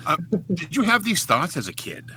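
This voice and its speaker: A male co-host with a bright, animated voice who teases playfully, and a faint hiss sits behind him. His pitch jumps around as he jokes. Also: moderate pace. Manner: teasing, playful. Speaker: podcast co-host. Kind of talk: casual podcast chat.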